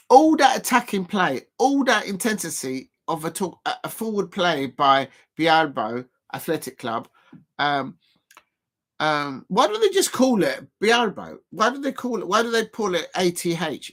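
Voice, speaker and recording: A streamer talks through a football match live for viewers, drifting between loose chat and quick corrections. The voice sits at a middling pitch, full of ums and laughs. It jumps into loud excited cries whenever a goal nearly goes in. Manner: rambling and self-correcting, full of fillers and laughs; bursts into excited shouts at near misses. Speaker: football watch-along streamer. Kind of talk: casual live watch-along commentary.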